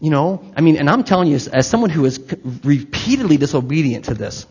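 A man's voice: on the high side, sing-song, fast talker, darkish tone, breathy edge. A man preaching a sermon to his congregation, talking conversationally with asides and direct questions to the listeners. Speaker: pastor. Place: church hall with congregation. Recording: echoey hall, slightly dull sound.

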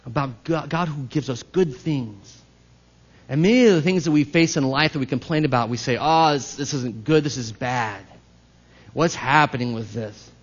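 A man's voice: mid-range voice, lo-fi sound. A man preaching a sermon as pastor, talking in a conversational way and putting questions to the congregation.

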